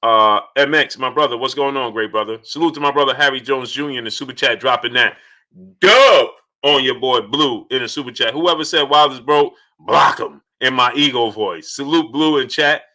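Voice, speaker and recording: A man hosting a casual live stream, shouting out viewers by name and repeating his points in an animated way. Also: mid-range voice, moderate pace. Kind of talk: casual live-stream chat reading super chats.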